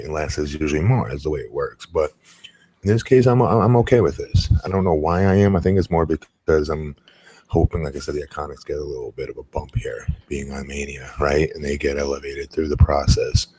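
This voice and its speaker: Blunt low-voiced former wrestler. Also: male voice, a little fast, darkish tone, slight background noise. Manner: blunt, opinionated, exclamatory. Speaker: former wrestler, podcast co-host. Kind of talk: casual podcast chat.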